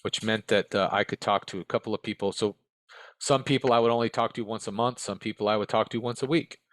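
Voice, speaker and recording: A man's voice: lowish voice, fairly even intonation, fast talker, a bit bright, dry recording. An American man, a former case manager, answering interview questions bluntly and candidly, often tagging on "right?" and "okay?". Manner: blunt and direct, with frequent tag questions. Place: interview room.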